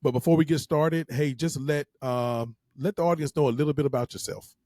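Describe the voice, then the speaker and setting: A man's voice: on the high side, fairly quick, dark tone, no echo, clean studio sound. A man with a Southern US accent co-hosting an interview show in a loose, jokey way, sometimes tripping over his words. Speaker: co-host.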